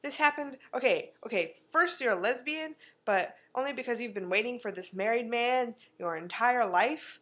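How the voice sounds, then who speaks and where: A woman's voice: fairly high pitch, moderate pace, hardly any pauses, a bit bright. Exasperated, rambling woman vlogger. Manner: exasperated, rambling, profane, mocking. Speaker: vlogger reviewing a movie. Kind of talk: casual rant.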